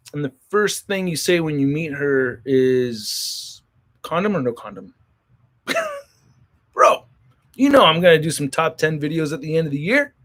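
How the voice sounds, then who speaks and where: A man talks loosely to his stream viewers, joking and cursing, often restarting his sentences. His voice sits a little higher than most men's, and his speech has a sound. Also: fairly bright tone. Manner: rambling, profane, jokey, many restarts. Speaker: toy collector channel host. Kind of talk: casual livestream chat, reading viewer comments.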